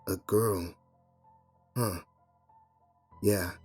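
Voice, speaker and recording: A man's voice: sits low, fairly even intonation, extremely slow, darkish tone, husky, faint music behind, heavily acted. A man voicing a polite, unsettling well-dressed male hitchhiker with a strangely enthusiastic, probing manner. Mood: politely probing.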